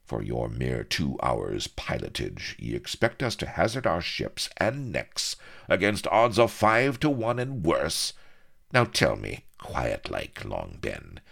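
A man voicing a grim, shrewd middle-aged pirate captain who growls gruffly. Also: rumbling low, big pitch swings, takes it slowly, a bit bright, exaggerated voice. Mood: growling.

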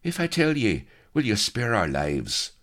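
A man's voice: mid-range voice, wildly swooping pitch, moderate pace, a bit bright, pitched above the performer's own voice. A man voicing a shifty colonel who wheedles and pleads with his captors to save himself. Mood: pleading. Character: shifty, wheedling male colonel, pirate captive.

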